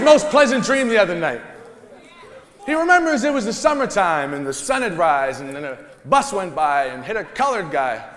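A man battle rapping at a live event, mocking his opponent loudly and laughing through his lines. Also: high voice, very animated, moderate pace. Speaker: battle rapper. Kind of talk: battle rap performance. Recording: noisy live crowd recording.

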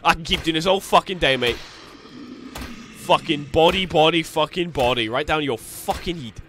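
A young Scottish man commentating a video game, swearing a lot and taunting an enemy with loud bursts of shouting. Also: fairly high pitch, moderate pace, slight background noise. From Scotland. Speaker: gaming youtuber. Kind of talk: let's play commentary.

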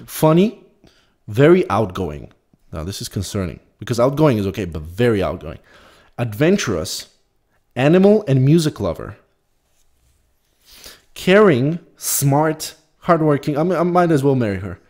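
A man's voice: medium pitch, big pitch swings, normal speed, darkish tone. A young man co-hosting a podcast, chatting casually and reading out dating profiles with a mocking, profane tone. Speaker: podcast co-host. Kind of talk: casual chat.

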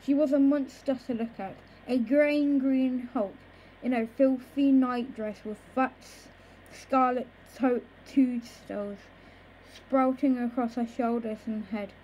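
A woman reading a children's book aloud in a slow, careful way, with occasional small stumbles over words. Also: high-pitched, steady tone, mellow, dull audio, slight background noise. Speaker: storybook reader.

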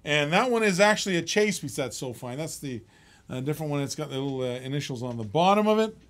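A middle-aged man with a slightly high voice hosts a casual live-stream auction. He rambles loosely, chuckles often and reads out the bids as they come in. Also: animated, quick pace, fairly bright tone.

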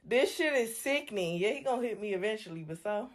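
A woman's voice: mid-range voice, animated, quick pace. A drunk woman ranting on a home livestream, brash and taunting, repeating her jabs over and over. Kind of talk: livestream rant. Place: home bedroom, indoors.

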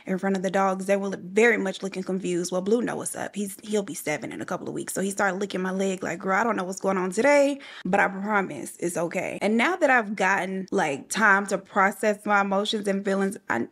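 A woman from the United States. She chats casually to camera from home as a YouTuber and tells a story dramatically. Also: mid-range voice. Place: at home by a window.

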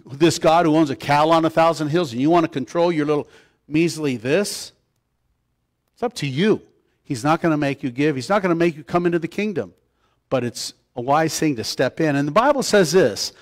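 A man preaching a conversational sermon to his church, swinging between loud emphatic lines and soft low asides. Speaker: pastor.

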